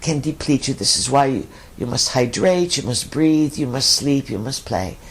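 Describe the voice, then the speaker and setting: A man's voice: medium pitch, lively intonation, normal speed. A man speaking as a collective voice in a channeling session, using emphatic, repeated lists. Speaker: channeled speaker answering questions.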